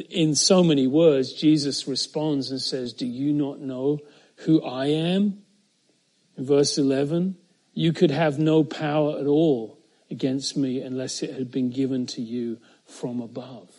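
A middle-aged man preaching an expository sermon, earnest and emphatic, raising his pitch and volume when he quotes scripture and lingering on pauses. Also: fairly even intonation, darkish tone.

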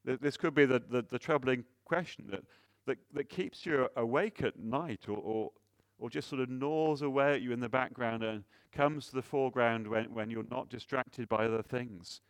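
A mid-pitched man delivers a sermon with earnest conviction, leaning on rhetorical questions and frequent restarts. He swells to emphatic volume on key points and falls to a hushed tone for weight. The sound is dry, with no room around it. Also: moderate pace, no echo. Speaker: preacher.

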